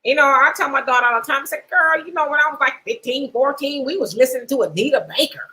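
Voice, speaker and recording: A woman's voice: sits high, fast, pushed and bright, a little hiss or hum, low-quality recording. A middle-aged woman, hosting a livestream and reading viewer comments aloud, laughing often between her asides. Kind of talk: casual chat.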